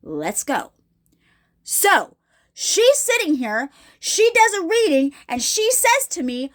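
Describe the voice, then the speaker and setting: A woman's voice: high voice, animated, extremely slow, sharp tone. A middle-aged woman giving an emphatic, casual testimony vlog from her ministry, checking in with her viewers often. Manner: emphatic, addresses viewers directly with repeated check-ins. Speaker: ministry vlogger.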